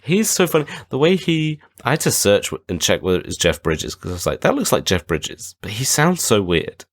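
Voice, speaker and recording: A podcast co-host with a lowish voice chats casually, very animated and brisk, laughing a lot and rambling with plenty of fillers. There's no echo on the recording.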